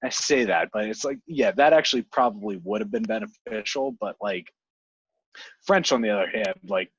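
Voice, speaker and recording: A man's voice: lowish voice, normal speed, breathy edge, no echo. A man co-hosting a casual podcast, rambling with many restarts. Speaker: podcast co-host. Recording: dry, dull lo-fi podcast audio.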